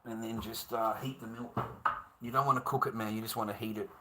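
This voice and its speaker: A man's voice: fairly low pitch, steady tone, brisk, bright, forceful tone, a little hiss or hum. An Australian man hosting a livestream, rambling and chatting to viewers, swearing freely, laughing often and calling everyone mate. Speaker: livestream host. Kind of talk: rambling live-stream chat.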